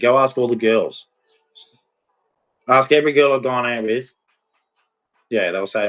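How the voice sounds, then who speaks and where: A man talks bluntly and at length, rambling from point to point and leaning hard on his emphasis. His voice sits at an ordinary middle pitch, and the delivery feels like a candid, unscripted rant. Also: measured pace, pauses often, a bit bright, poor audio. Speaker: podcast host. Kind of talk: candid relationship monologue.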